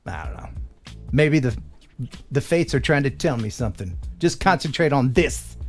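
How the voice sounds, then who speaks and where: A man's voice: medium pitch, moderate pace. Guy hosting a live show, joking around, voice bouncing all over, bit of music under it. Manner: joking, laughs often, lively. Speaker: host. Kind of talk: casual live-stream chat.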